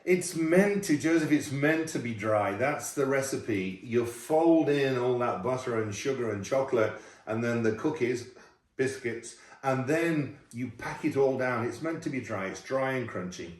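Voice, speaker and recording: A man's voice: mid-range voice, expressive, measured pace. Middle-aged male host, easygoing and self-deprecating, mic set back in a roomy space. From United Kingdom. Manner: chatty, laughing, self-deprecating. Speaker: host, former royal chef. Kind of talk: casual Q&A chat. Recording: roomy sound from a distant mic.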